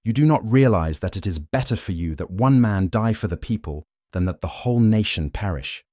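A stern, scornful high priest voiced by a man in a Bible reading. The voice is deep and mellow, recorded dry and close. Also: expressive, a little fast, no echo, lightly acted.

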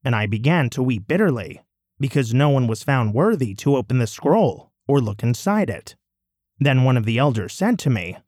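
A man reads scripture aloud in measured, solemn, declamatory phrases. His pitch swings lively across each line, and the sound is dry and close. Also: dry recording. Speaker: scripture reader. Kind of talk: dramatic scripture reading.

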